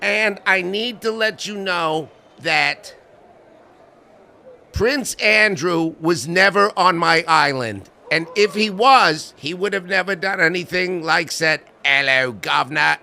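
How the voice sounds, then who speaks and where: A man's voice: high-pitched, bright, forceful tone, exaggerated voice. A man putting on a smarmy middle-aged tycoon who rambles through mock-earnest denials in a comic impression. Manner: rambling, mock-earnest denials with bursts of silly character voices.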